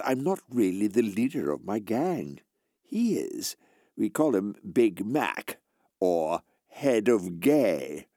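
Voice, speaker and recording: A Scottish man narrating a scripted comedy in a deadpan, self-important way. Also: fairly low pitch, no echo, studio quality. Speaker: actor narrating his own story. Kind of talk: scripted comedy monologue and dialogue.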